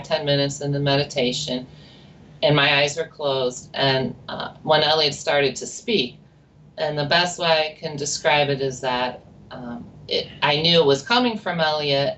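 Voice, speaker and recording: A woman's voice: low-pitched, fairly bright tone. A woman guest telling her story in a chatty, rambling interview with many asides. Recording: distant mic with faint noise.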